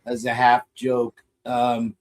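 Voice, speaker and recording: A man's voice: medium pitch, monotone, slow pace, darkish tone, rough recording. A middle-aged man co-hosting a podcast in casual, rambling, jokey chat, often distracted by his equipment. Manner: rambling, jokey, distracted while fiddling with gear. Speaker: podcast co-host.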